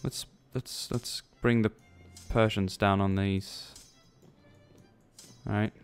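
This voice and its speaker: A man's voice: on the low side, steady tone, slow, smooth, faint music behind. A man giving casual, rambling commentary over a strategy game, thinking aloud and tossing in jokey asides. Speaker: let's play commentator.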